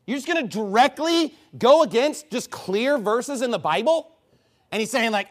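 A man's voice: very high-pitched, very animated, moderate pace. A man preaching a heated, combative sermon, scornful of his opponents.

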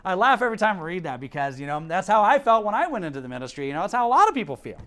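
A man's voice: sits high, rapid-fire. A man preaching a sermon as pastor, telling stories animatedly and reading scripture aloud. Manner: animated storytelling, acts out quotes, reads scripture.

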